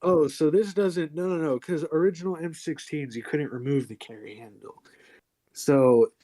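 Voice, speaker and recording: A man's voice: on the high side, normal speed, mellow, no echo. A man co-hosting a casual podcast, blunt and crude in a sarcastic way, and short of breath. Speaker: podcast co-host. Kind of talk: casual chat, gun critique.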